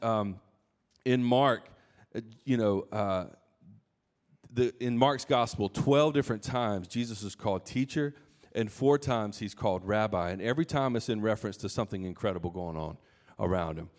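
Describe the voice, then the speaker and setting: A man's voice: on the low side, moderate pace. A man preaching a sermon in a casual, conversational way, with asides and restarts. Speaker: pastor.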